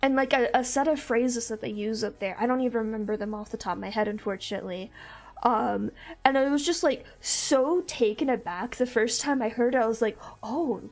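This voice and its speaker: A young woman with a mixed Midwestern and Southern American accent hosts a stream, chatting casually, rambling and laughing often. Her voice is fairly high and a little fast, with faint music behind her.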